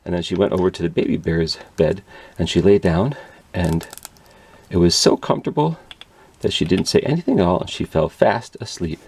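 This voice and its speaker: A man's voice: deep voice, a little fast, darkish tone, husky. A man telling a children's story at a library in a playful read-aloud manner with sound effects.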